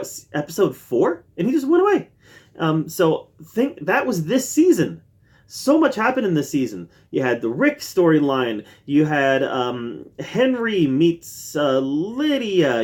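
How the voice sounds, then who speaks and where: A man's voice: a little high, a little mellow. Eager male show reviewer, casual chat. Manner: enthusiastic, with frequent fillers and restarts. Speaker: host of a TV review channel. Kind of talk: casual spoken ranking review.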